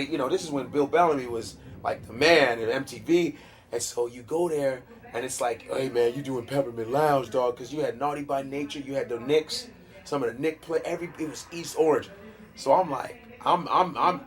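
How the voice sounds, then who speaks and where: A stand-up comedian man talking in a casual interview, with a voice pitched a little high for a man. He tells stories in an emphatic, animated way, heavy on street slang and swearing.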